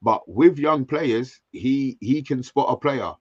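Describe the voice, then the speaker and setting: This is a man co-hosting a casual live stream, coming through dull, dry remote call audio. His voice sits in a middle pitch. He talks in a halting way, repeating words and leaning on "you know" again and again. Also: a little mellow, slightly rough, no room sound. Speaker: co-host.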